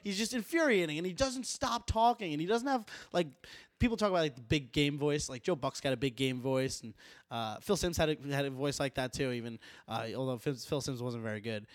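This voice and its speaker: A man's voice: on the high side, brisk, no echo, studio quality. A young man co-hosting a casual sports podcast, ranting animatedly and poking fun at himself. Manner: animated, ranting, self-mocking. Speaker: podcast co-host. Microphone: studio podcast microphone.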